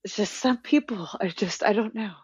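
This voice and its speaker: A woman's voice: medium pitch, moderate pace, a little mellow, breathy edge, dry recording, dull audio. A woman hosting a podcast, chatting in an easygoing, slangy way. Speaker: podcast host. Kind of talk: casual chat.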